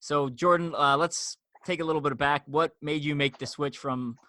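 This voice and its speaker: Bright-voiced man hosting a podcast. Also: fairly high pitch, moderate pace, dry recording. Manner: relaxed, chatty, with frequent fillers. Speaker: podcast host.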